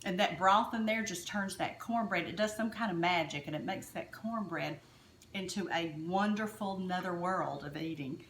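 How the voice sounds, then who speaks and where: A woman's voice: fairly low pitch, normal speed, fairly bright tone, reverberant, a little hiss or hum. A woman with a Southern US accent hosting a chatty home cooking demonstration, folksy and enthusiastic as she talks to her viewers. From Alabama, US South. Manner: folksy, enthusiastic, keeps addressing viewers as y'all. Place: home kitchen.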